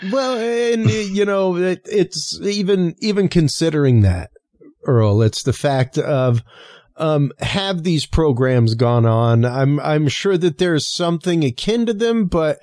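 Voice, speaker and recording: A man with a fairly high voice tells stories in lively casual chat, laughing as he goes and leaning on filler words. The sound is dry and close, with no room around it. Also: slow, no room sound. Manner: animated storyteller, laughs often, says like a lot.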